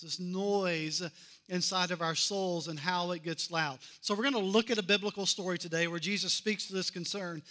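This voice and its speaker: A man's voice: high voice, bright, forceful tone. A man preaching a sermon, reading scripture and repeating key phrases with building intensity. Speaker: pastor.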